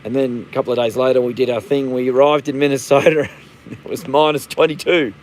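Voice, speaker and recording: A man's voice: medium pitch, steady tone, a little fast, darkish tone, slight background noise, low-quality recording. Blunt Australian man in his fifties. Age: 50s. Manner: rambling, blunt, swears freely. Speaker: livestream host. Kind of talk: casual live-stream chat.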